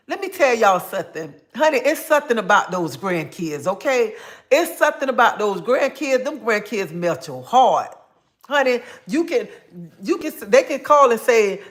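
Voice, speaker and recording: A woman's voice: fairly high pitch, big pitch swings, moderate pace. A middle-aged grandmother hosting a casual livestream, talking emphatically to her viewers, often repeating herself and calling them honey. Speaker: livestream host.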